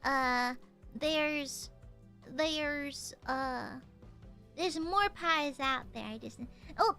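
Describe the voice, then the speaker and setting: A woman's voice: sits high, expressive, slow, long pauses, sharp tone, soft background music. A young woman with a subtle Southern US accent, chatting casually and playfully as a streamer while reading donations. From United States. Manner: chatty, playful, pouty teasing.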